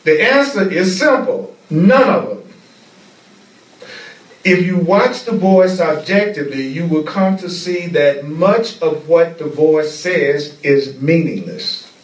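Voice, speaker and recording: A man teaching a spiritual class, speaking slowly and deliberately and repeating key phrases for emphasis. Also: fairly high pitch. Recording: echoey room, mic at a distance.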